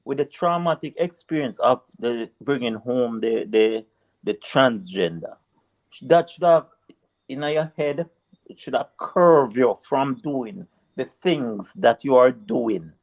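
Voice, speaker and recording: A man on a casual panel, laying out his reasoning calmly. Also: medium pitch, takes it slowly, lo-fi sound.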